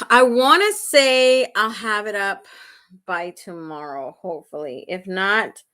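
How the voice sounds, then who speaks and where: A woman's voice: medium pitch, lively intonation, slow pace, bright, forceful tone. A woman hosting a live makeup tutorial, chatting casually and laughing often as she talks straight to her viewers. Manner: talks straight to viewers, asking "right?" and "okay?". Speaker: beauty vlogger hosting a livestream.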